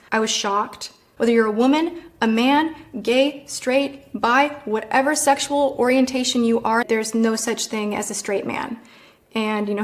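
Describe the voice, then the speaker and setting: A woman talking straight to camera in a vlog with a fairly high voice. She is blunt and emphatic and pushes her points with indignant force. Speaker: influencer.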